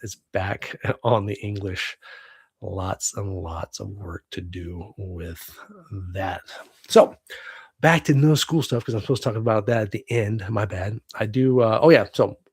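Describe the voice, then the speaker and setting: A husky, gravelly man in his forties, from the United States, hosts a casual livestream from home. He rambles, swears and laughs as he chats, pitched at an ordinary middle height, and the webcam catches him dry and close. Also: measured pace, no echo. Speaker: livestream host.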